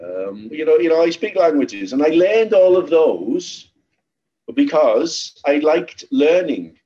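This trading webinar host from Liverpool takes things slowly, his pitch fairly high. Chatty and repetitive, he explains charts through animated storytelling, and the sound quality is slightly dull and lo-fi.

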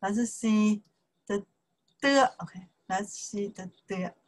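A woman with a Chinese accent who speaks Chinese natively, teaching a casual online language lesson. She talks haltingly with many fillers and repeats each syllable along with its tone. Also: medium pitch, rough recording.

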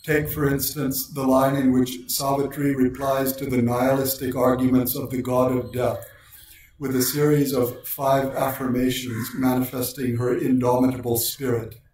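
A man's voice: mid-range voice, level tone, darkish tone, slight background noise. Precise male lecturer in an echoey room. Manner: precise, deliberate delivery, slows for quoted lines. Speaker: lecturer on poetry. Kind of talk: measured scripted lecture with recited verse. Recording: very echoey room, voice far from mic.

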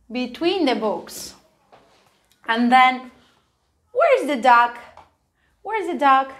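A woman with an Argentine accent teaching an English lesson, her high voice swinging up and down with lively animation. She speaks slowly and deliberately, repeating each line and checking in with the viewer. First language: Spanish.

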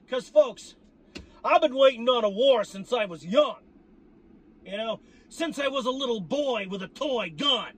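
High-voiced man on a profane fan rant. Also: expressive, unhurried, pauses often, darkish tone, breathy edge. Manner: profane, repetitive, addresses viewers as folks. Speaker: sports fan vlogger. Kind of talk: ranting fan commentary.

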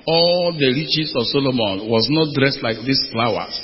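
Nigerian pastor guy preaching, keeps firing questions at the crowd, boomy dull hall sound. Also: animated, normal speed, husky. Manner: preaching with emphatic call-and-response questions. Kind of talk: sermon. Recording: muffled audio with long hall reverb.

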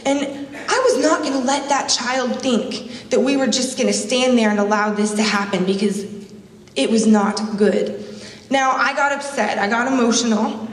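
A woman's voice: on the high side, normal speed. Woman telling a story in an echoey hall. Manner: emotional, storytelling with repeated phrases. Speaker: speaker at a conference. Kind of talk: personal story in a public speech. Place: conference hall. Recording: echoey hall, mic from a distance.

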